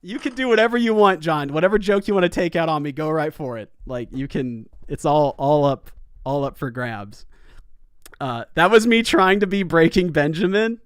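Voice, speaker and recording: A young man hosts a relaxed streamed conversation, his voice leaping up and down as he talks. He laughs often and slips into playful bits. The sound is close and dry. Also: fairly high pitch, normal speed, clean tone, no echo. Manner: animated, laughs often, breaks into mock singing. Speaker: host. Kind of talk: casual chat.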